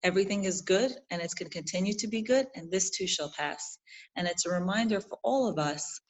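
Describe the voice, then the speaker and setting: A woman with a New York accent, a jewelry designer from Brooklyn, talking as a guest in a casual interview and telling family stories in an animated way. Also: lowish voice, fairly quick, low-quality recording. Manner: animated storytelling, frequent restarts.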